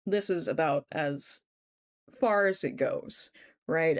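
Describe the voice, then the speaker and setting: A woman's voice: animated, takes it slowly. A woman chatting casually while livestreaming a video game, swearing freely and reading chat messages aloud. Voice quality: medium-pitched voice she wishes were deeper. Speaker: streamer.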